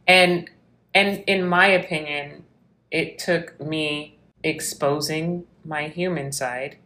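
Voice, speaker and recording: A woman's voice: low-pitched, steady tone, slow pace, bright, forceful tone. A woman police officer telling a story from her work in an interview, acting out the quoted lines.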